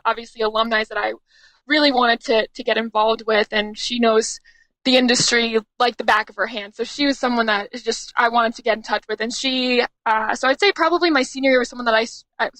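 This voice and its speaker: A young woman in her twenties, a sports team reporter, talking upbeat and quickly with fillers and restarts in a remote podcast interview. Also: on the high side, sharp tone, dry recording, low-quality recording. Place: remote, away from the studio.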